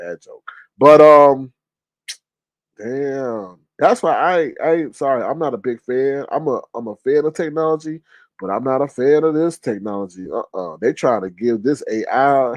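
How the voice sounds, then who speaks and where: A man casually hosting a livestream, reading chat aloud in a joking, animated way and laughing often. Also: normal speed, no echo. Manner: animated, joking, laughs often, jumps to high-pitched exclamations.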